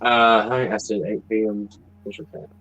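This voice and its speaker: A man with a husky voice chats lazily with friends, chuckling between lines. His talk stays relaxed and easy. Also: on the low side, moderate pace, muffled recording. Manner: laid-back, laughs often. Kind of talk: casual group chat on a livestream.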